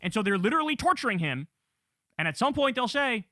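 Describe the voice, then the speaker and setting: A man's voice: very high-pitched, sing-song, fast, bright, forceful tone, dry recording, studio quality. A man hosting a live political news stream, ranting heatedly and swearing as he reads headlines. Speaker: political show host.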